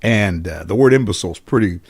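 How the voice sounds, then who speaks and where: Middle-aged guy from la telling stories, animated, swears a lot, laughs at his own stuff. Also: fairly low pitch, quick pace, breathy edge. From Los Angeles area. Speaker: guest comedian. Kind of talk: casual storytelling in interview.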